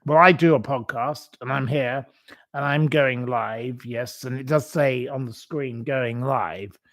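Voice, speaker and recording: Brief: male live-streamer, scornful and rambling, slow with gravelly fry. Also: medium pitch, fairly even intonation, fairly bright tone.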